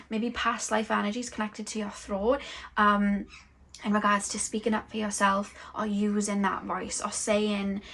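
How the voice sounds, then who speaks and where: A young woman giving a tarot reading, musing slowly and dreamily as she channels messages. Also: medium pitch, fairly bright tone. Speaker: tarot reader.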